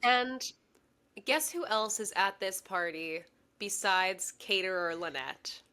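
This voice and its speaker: A woman's voice: medium pitch, slow pace, smooth. A woman co-hosting a podcast, casually recapping a TV episode and laughing often. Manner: lively, laughs loudly. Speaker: podcast co-host. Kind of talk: casual chat recapping a TV show.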